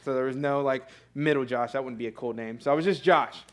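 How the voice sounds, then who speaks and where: A man's voice: medium pitch, fast talker. A young man preaching a sermon in a church, in a conversational, earnest way with fillers and self-corrections. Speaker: pastor. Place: church sanctuary.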